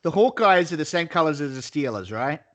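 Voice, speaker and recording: Aussie man, jokey banter over a video call, a bit higher pitched. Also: big pitch swings, a little fast, fairly bright tone. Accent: Australian. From Australia. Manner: joking, theorising banter. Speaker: podcast co-host. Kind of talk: casual chat.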